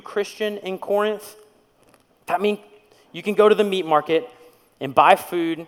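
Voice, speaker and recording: Male preacher, fairly high voice, chatty sermon delivery; church hall echo. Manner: conversational preaching with rhetorical questions. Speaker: pastor.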